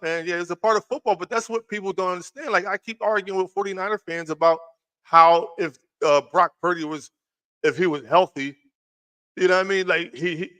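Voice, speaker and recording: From a home room where the lights have just come on, a man with a high, sharp voice hosts a casual live sports talk stream. He rambles and repeats himself while talking to his chat.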